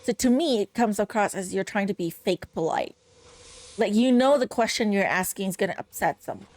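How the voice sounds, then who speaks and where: A woman's voice: medium pitch, fairly quick, darkish tone, dry recording. A young woman giving casual gaming commentary, rambling and exasperated, full of "like" fillers as she picks apart a game's voice acting. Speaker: game streamer.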